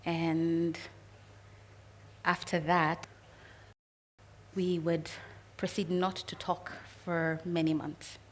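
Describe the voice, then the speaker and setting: A woman telling a personal family story in an earnest, expressive way, with pauses. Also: on the low side.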